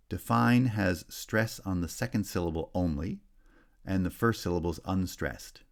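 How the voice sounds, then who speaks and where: A man teaching a linguistics lesson, explaining clearly and checking in with "right?". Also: low voice. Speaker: linguistics instructor. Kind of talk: recorded lecture.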